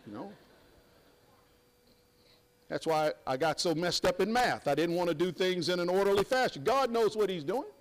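Older guy preaching, high voice, folksy, keeps punching words with big woo's. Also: animated, normal speed, long pauses, low-quality recording. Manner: emphatic, folksy preaching with sudden exclamations. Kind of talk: sermon.

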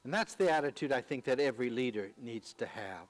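A man preaching a sermon in an earnest, measured way, slowing down on key words. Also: mid-range voice, animated.

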